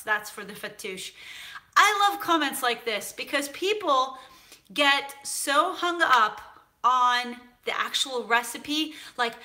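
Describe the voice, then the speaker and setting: A woman from San Francisco hosts a cooking show, chatting casually in a live stream as she reads viewer comments, animated and full of fillers. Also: sits high, takes it slowly. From United States (San Francisco).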